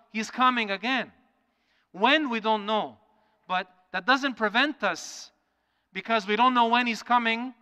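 A man's voice: sits high, pushed and bright, clear, resonant tone. A man preaching a sermon in an earnest way, repeating key phrases for emphasis. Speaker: priest. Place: church. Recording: long church reverb.

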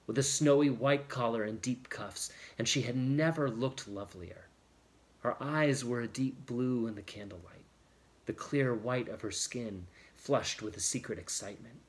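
A man reading a novel chapter aloud in a steady, expressive storytelling manner. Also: medium pitch. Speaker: audiobook reader.

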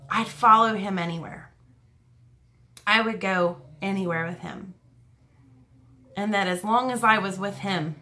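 Young woman, casual storytime vlog, slow and bright, halting and emotional with fillers. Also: mid-range voice. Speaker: vlogger telling a personal story.

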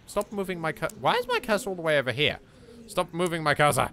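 A man's voice: a little high, very animated, quick pace, bright, forceful tone. An Englishman hosting a let's play, chatting casually and joking as he talks to objects in the game and swears now and then. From England. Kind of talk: casual gameplay commentary.

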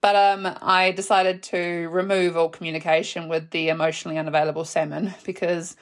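A young adult woman, hosting her own podcast and telling a personal story in a chatty, animated way, laughing and swearing casually. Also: lowish voice, brisk. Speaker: podcast host.

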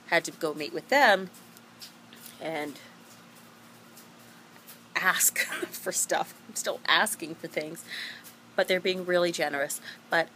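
Woman theatre teacher, casual diary vlog, rambling and chatty, lowish bright voice. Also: a little hiss or hum. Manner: chatty, rambling, laughs often. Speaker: high school theatre teacher.

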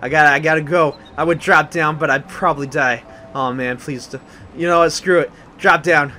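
A young man hosting a blind let's play, rambling and flustered, with many restarts when he gets excited. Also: fairly high pitch, normal speed, a little hiss or hum.

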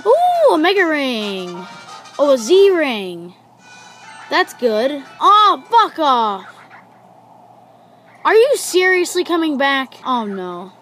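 A young woman streams her gameplay with an excitable, foul-mouthed running commentary. Her voice sits high and leaps all over the place, with gasps and sudden shouts. Faint music plays behind her. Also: takes it slowly, long pauses, rough recording. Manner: excitable, swears a lot, gasps and shouts at the game. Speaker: gaming YouTuber. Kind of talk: let's play commentary.

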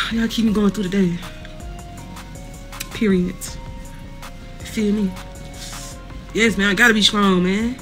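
A woman in pain chats live with her viewers from a hospital room. Her voice sits at a middle pitch and her talk is blunt and full of cursing, broken up by laughter. Faint music plays behind her. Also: fairly even intonation, takes it slowly, pauses often, a bit bright. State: in pain, near tears. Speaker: livestreamer reading viewer comments. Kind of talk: casual live chat with viewers.

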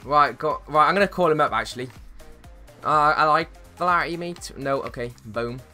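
Playing a football video game on a livestream, this young man talks to his chat at a moderate pace in an easygoing, slangy way. His voice is a little high, bright and forward; he says hi to viewers and gets excited over plays while soft music plays behind him.

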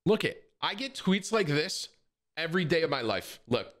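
A man's voice: a little high, lively intonation, unhurried, pauses often. A man in his thirties chatting casually and jokingly to his live-stream audience, dropping "bro" often. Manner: loud, joking, says bro a lot.

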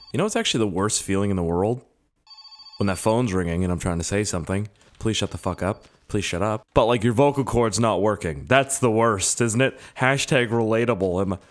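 Hoarse, excitable young gamer guy. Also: fairly low pitch. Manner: rambling, excitable, swears often, sudden yelling bursts. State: hoarse voice from screaming. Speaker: gaming YouTuber. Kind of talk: casual let's-play commentary.

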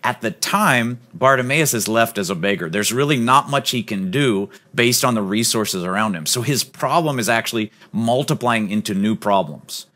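A man preaching a sermon as pastor, earnest and emphatic, sometimes dropping to a soft, low voice. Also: lively intonation, moderate pace, hardly any pauses. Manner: drops to a soft, low voice on key points.

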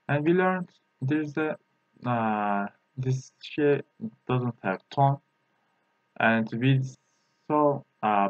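A man teaching a language lesson, a Turkish native speaker, talking in a halting way with many fillers and repeating sounds slowly for practice. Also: medium pitch, no echo, dull audio.

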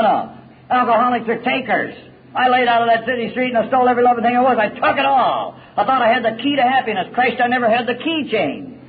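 High-voiced man on a tinny old cassette. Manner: folksy storytelling with slang and wry humor. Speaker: recovery meeting speaker. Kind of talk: spoken testimony at a convention. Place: convention hall with audience.

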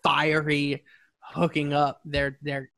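A man's voice: a little high, completely flat delivery, takes it slowly, bright, forceful tone. A young man co-hosting a podcast, chatting casually and joking with lots of laughter. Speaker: podcast co-host. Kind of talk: casual chat.

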